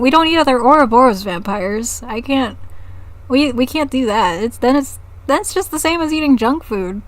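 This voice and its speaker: A woman's voice: sits high, expressive, normal speed, dry recording. A woman streamer chatting casually on a live stream, giggling often and swearing freely.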